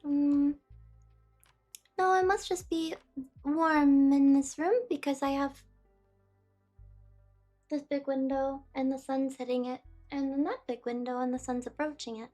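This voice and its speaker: A woman with a high voice chats casually with her viewers, reading their messages aloud and often losing her train of thought. Soft music plays faintly behind her in a warm indoor room. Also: little pitch movement, measured pace, long pauses. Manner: chatty, reads chat aloud, easily distracted. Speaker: livestreamer.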